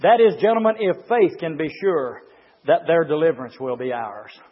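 A man preaching a fiery sermon, swinging from low murmurs to shouted climaxes and reading passages aloud to comment on them. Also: moderate pace. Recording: reverberant hall, muffled lo-fi sound.

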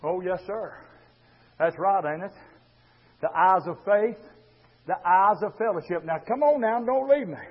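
A man's voice: sits high, unhurried, pauses often, breathy edge. A man preaching a fervent, rhythmic sermon and calling out to his congregation. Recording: dull lo-fi sermon recording.

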